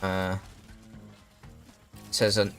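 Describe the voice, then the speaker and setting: A man's voice: sits low, monotone, extremely slow, fairly bright tone. Ranting young man streaming a game. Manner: swears often, ranting. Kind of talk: casual gameplay commentary. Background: faint background music.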